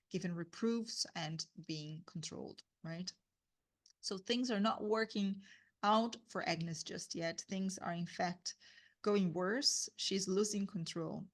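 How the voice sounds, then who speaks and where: A woman literature teacher leading a guided reading lesson, explaining as she goes with fillers and frequent rhetorical checks. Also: lowish voice.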